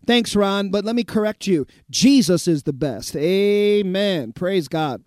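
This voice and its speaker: Male radio pastor, high voice, dry close sound, emphatic preaching with repeated phrases. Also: expressive, a little slow, a little mellow, no room sound. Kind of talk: radio sermon with listener messages.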